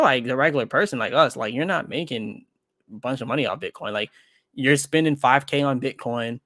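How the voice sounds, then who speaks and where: A man's voice: mid-range voice, fairly bright tone, dry recording. Casual rambling man, dry close sound. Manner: rambling, self-correcting, thinks aloud while trading. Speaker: crypto trading streamer. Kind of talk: casual livestream chat.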